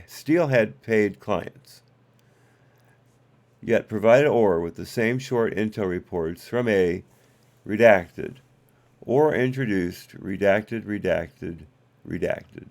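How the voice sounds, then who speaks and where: Gravelly low-voiced man reading documents. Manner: self-correcting, wry asides to chat. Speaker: live-stream host. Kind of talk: reading documents aloud on a live stream.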